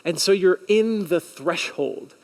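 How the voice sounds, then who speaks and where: Male pastor, high voice, easygoing earnest sermon delivery with lively audience call-outs. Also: slow. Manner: conversational and earnest, acts out inner questions; animated, with audience call-and-response. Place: church sanctuary.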